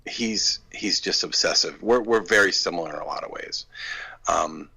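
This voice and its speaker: A man's voice: low voice, bright, forceful tone, slightly rough, low-quality recording. A man, a film director telling a story in a casual interview and acting out the quoted dialogue.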